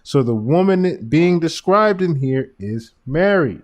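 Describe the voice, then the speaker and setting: A man hosting a podcast, giving casual commentary and animated stories, often breaking into laughter. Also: a little high, takes it slowly. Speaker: podcast host.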